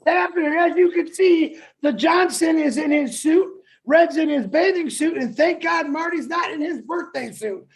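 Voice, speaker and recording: A man from the United States co-hosting a livestream, loud and pumped-up as he shouts out greetings to viewers over a video call. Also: very high-pitched, moderate pace, few pauses. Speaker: co-host. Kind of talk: hyped-up livestream shout-outs.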